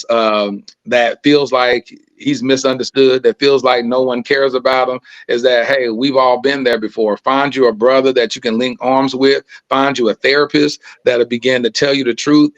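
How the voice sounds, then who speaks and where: A man speaks as an interview guest in a candid conversation. He sounds earnest and preacherly, with a mid-pitched, ordinary voice. He shares stories with conviction. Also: fairly bright tone, rough recording. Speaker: podcast host and filmmaker as guest.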